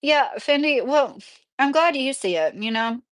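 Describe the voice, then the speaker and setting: A woman's voice: high-pitched, lively intonation, a little slow, dry recording. A woman in her thirties from Kentucky, chatting casually on a livestream and reading viewer comments, rambling and laughing often. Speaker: livestream host.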